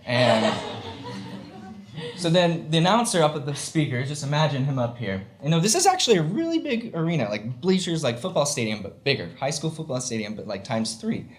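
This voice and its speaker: A man's voice: a little high, sing-song, fairly quick. Chatty young man telling a story. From Southern United States. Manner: chatty, filler-heavy, laughs while telling. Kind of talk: live comic storytelling. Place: stage before a live audience.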